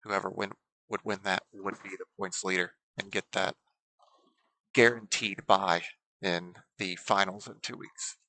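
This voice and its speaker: Bright, gravelly bowling commentator man. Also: low voice, measured pace, low-quality recording. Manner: steady, explanatory, with frequent ums. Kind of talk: play-by-play sports commentary.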